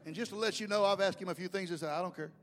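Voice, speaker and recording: A man's voice: high voice, racing. A man preaching a sermon as pastor, telling folksy stories with emphasis. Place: church sanctuary. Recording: long hall reverb, faint music.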